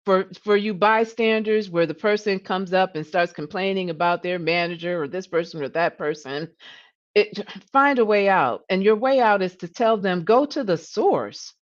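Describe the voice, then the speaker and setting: A woman's voice: mid-range voice, normal speed, dull audio. A woman coach hosting a live-streamed coaching talk, earnest, often repeating words and saying "you know". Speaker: leadership coach and host.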